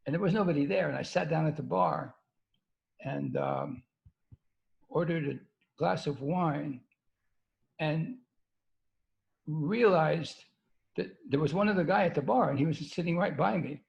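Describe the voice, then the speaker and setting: An older man, a guest, telling a story in a halting, stop-and-start way with casual swearing. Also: a little high, vocal fry, darkish tone. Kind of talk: rambling storytelling. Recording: dull lo-fi sound.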